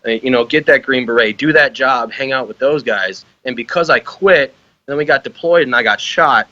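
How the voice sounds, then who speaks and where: A man's voice: medium pitch, moderate pace, pushed and bright, dry recording, highs cut off. A young man, an army veteran guest on a podcast, chatting casually with lots of laughter, loose rambling and heavy swearing.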